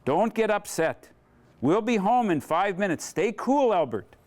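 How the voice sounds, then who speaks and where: A man playing a patient grandfather in a told joke, calm and controlled. His tone stays even and soothing, yet the voice carries a lively lilt. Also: high voice, measured pace, pitched above the performer's own voice.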